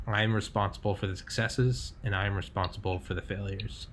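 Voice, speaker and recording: A man hosting a podcast, talking in a loose, rambling way full of fillers and the odd curse. His voice sits on the low side and stays relaxed and conversational throughout. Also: normal speed, slight background noise. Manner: rambling, heavy on fillers and swearing. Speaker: podcast host. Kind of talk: casual chat.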